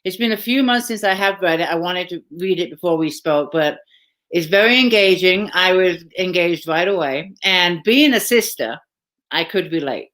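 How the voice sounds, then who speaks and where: A woman hosting a casual live video chat, chatty and quick with follow-up questions, heard over a video call. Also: lowish voice, animated, fairly bright tone. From England. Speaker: host.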